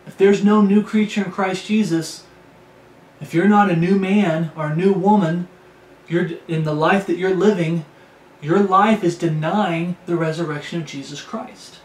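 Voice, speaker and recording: A man's voice: high-pitched, fairly even intonation, a little slow. A man preaching a sermon, earnest and repetitive, often restarting his phrases. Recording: echoey room with faint background noise.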